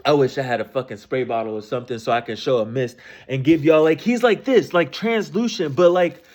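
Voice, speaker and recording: A man, ranting casually about scripture in a profane, animated way, full of repeated rhetorical questions. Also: medium pitch, brisk. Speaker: streamer discussing scripture.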